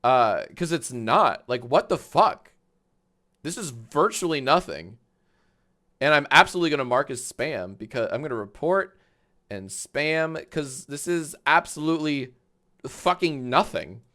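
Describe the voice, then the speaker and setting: A man's voice: on the high side, animated, measured pace, bright, forceful tone. A man hosting a casual livestream, reacting to videos with sarcastic, profane rants. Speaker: livestream host.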